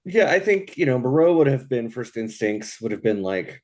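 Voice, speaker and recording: A man's voice: mid-range voice, big pitch swings, moderate pace, few pauses, darkish tone. A man playing a tabletop game, thoughtful and loose, with lots of "like" and "you know". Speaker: player. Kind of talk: casual tabletop play.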